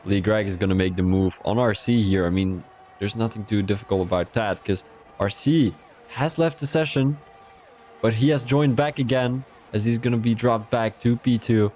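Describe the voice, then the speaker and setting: A man's voice: fairly low pitch, normal speed, darkish tone. A young man from Belgium, giving chatty live-stream commentary on an online racing league and talking to his chat between calls.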